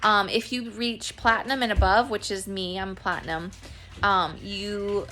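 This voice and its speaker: A woman's voice: measured pace, faint music behind. Chatty woman vlogging from home, earnest, lots of ums and restarts. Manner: grows emotional and lively in pitch. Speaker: network marketing distributor. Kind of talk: casual talk to camera. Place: at home with children nearby.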